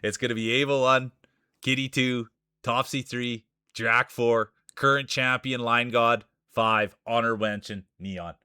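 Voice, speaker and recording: A man with a broad rural Saskatchewan Canadian accent calls a live-streamed marble race at an ordinary pitch. He hypes up each racer with playful announcer shout-outs. The sound is dry and close, with no room in it. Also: fairly even intonation, measured pace, clear, resonant tone, no echo.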